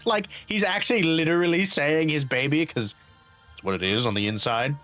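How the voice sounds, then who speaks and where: A man's voice: fairly high pitch, moderate pace, bright, forceful tone, faint music behind. A young man streaming a game, rambling animatedly and laughing often between reading parts aloud. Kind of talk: game playthrough commentary.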